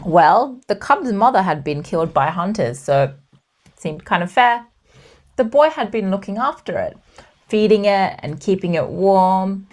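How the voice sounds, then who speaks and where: Lively woman telling a history story. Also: medium pitch, measured pace. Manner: dramatic storytelling with wry asides. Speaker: podcast host and storyteller. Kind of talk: storytelling narration.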